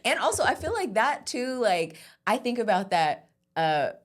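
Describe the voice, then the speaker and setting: Responsive woman co-host with lively pitch. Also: moderate pace. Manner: supportive listener, frequent short affirmations. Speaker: podcast co-host. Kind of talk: casual chat.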